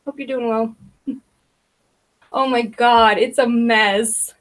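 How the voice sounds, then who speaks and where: Gossipy woman on a livestream, kinda high voice, laughs a lot, swears, says like every other word. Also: steady tone, takes it slowly. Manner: rambling, laughing, swearing, many "like" fillers. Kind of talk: casual livestream chat.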